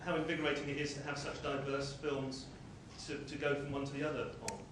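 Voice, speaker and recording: An English journalist asking a long, wry question at a press conference. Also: male voice, mid-range voice, flat delivery. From England. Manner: wordy, wry, quick. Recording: echoey room from far off with loud noise.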